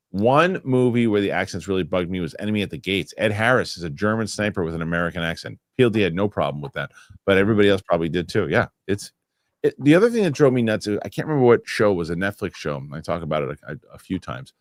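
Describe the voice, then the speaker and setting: A man's voice: sits low, expressive, fast talker, no room sound, studio quality. A man hosting a live show and reading viewer comments aloud. He rambles, corrects himself and gets worked up over his pet peeves. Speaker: show host.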